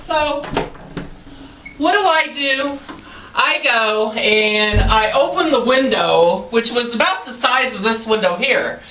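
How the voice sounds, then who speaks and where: A woman in her forties telling a personal story to the camera in a chatty, animated way, talking straight to her viewers. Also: fairly high pitch, slow pace, muffled recording. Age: 40s. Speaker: vlogger.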